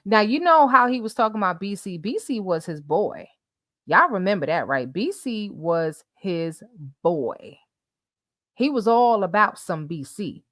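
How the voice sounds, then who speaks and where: Woman, commentary host, animated, emphatic repetition, mid pitch, dry close sound. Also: measured pace, no echo. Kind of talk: livestream commentary.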